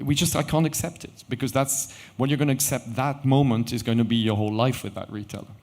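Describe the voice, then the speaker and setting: A middle-aged man, a company founder, telling a story on stage with animated quoted dialogue. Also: medium pitch, a little fast, few pauses. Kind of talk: conference storytelling talk. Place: event stage.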